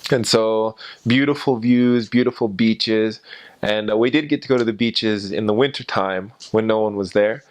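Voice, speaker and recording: An American man, a former missionary, telling anecdotes in a halting way with many fillers. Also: fairly low pitch, fairly even intonation. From United States. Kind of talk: personal anecdotes in an interview.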